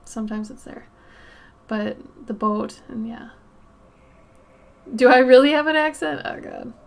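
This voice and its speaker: Slow-talking Minnesota woman chatting on stream. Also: fairly high pitch, vocal fry. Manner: chatty, laughs often, trips over words. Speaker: art livestream host. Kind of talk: casual livestream chat with viewers.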